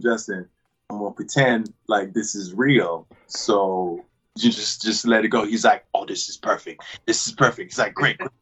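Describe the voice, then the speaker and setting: A man's voice: mid-range voice, highs cut off. A man, an actor, telling stories from a shoot in a casual interview, laughing often as he goes. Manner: laughing, animated storyteller.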